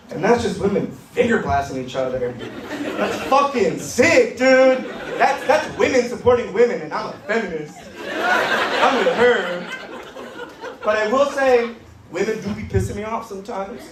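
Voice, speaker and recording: A man doing stand-up comedy on a club stage, with a deadpan, edgy, self-mocking delivery. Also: high voice, a little slow, background noise. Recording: roomy club sound from far, crowd laughter.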